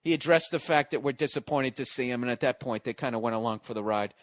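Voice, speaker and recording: A man hosting a podcast, telling a story in a casual, profane, animated way that keeps building excitement. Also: medium pitch, fast talker, no room sound. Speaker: podcast host.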